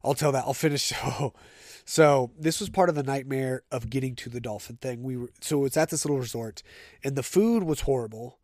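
A man's voice: medium pitch, brisk, darkish tone, dry recording. Chatty male podcast host, dry sound. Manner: chatty, conversational storytelling. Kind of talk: casual solo podcast monologue.

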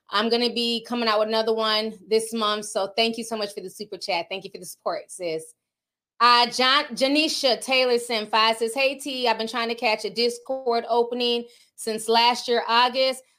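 Bright, chatty woman livestreamer. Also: a little high. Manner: chatty, candid, outspoken. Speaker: livestreamer reading viewer donations. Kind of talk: casual livestream chat.

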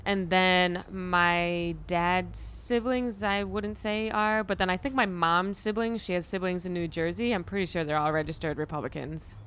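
A young woman in casual conversation with a smooth, resonant voice sitting a bit low. She rambles through her stories, swears freely and laughs along as she goes. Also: fairly even intonation, moderate pace, hardly any pauses, a bit bright. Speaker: comedian and podcast host. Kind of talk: casual chat.

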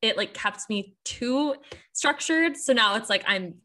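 A young woman with a Midwestern accent chats casually as a podcast guest. Her voice is bright and nasal, and her sentences keep rising at the end, full of "like". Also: fairly high pitch, lively intonation, measured pace. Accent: Midwestern American. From Midwest United States. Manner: nasal, rising endings, lots of "like". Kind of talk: casual chat.

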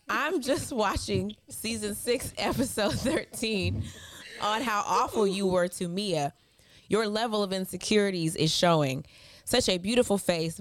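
A woman's voice: medium pitch, dry recording. Sassy woman with a dry, close sound. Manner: sassy, mocking, reads hate mail aloud with laughter. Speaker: podcast co-host. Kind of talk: casual chat.

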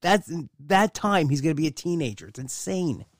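A man's voice: fairly high pitch, big pitch swings, normal speed, no room sound. Rambling man, dry close sound. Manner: rambling, many fillers and restarts; heartfelt, proud. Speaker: uncle and godfather. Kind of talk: casual personal monologue.

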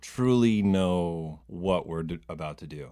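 Laid-back low-voiced male guest. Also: a little slow, dark tone. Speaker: guest musician. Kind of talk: casual comedy chat.

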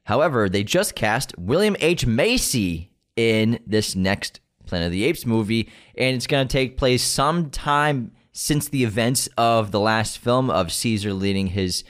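A man's voice: mid-range voice, unhurried, few pauses. A man co-hosting a movie news show, reading out items and joking with his co-host. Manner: relaxed, joking, reads news items aloud. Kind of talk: casual chat.

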